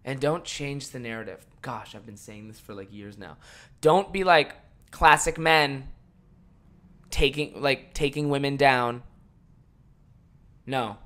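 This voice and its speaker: A young man hosting a podcast, ranting casually and swearing a lot, swinging from mumbled asides to loud exasperated outbursts. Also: medium pitch, slow pace, pauses often. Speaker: podcast host.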